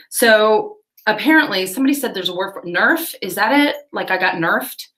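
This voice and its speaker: Lady rambling on her livestream, bright voice, laughs a lot. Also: medium pitch, expressive. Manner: rambling chatty storytelling, quick laughs. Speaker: livestream host. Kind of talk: casual livestream chat.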